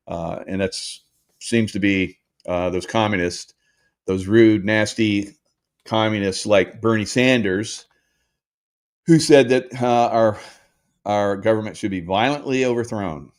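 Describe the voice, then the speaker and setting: A low-voiced older man in his sixties talks casually to his followers as the host of his own show. His delivery rambles, with frequent pauses, hesitations and restarts. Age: 60s.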